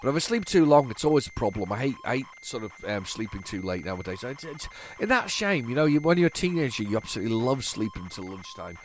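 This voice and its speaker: A man's voice: mid-range voice, very animated, quick pace, hardly any pauses, slight background noise. A tired middle-aged man, rambling and joking as he hosts a retro gaming video and keeps restarting his sentences. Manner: rambling, chatty, many restarts, sarcastic asides. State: tired, yawning. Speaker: retro gaming channel host. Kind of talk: casual commentary while loading games.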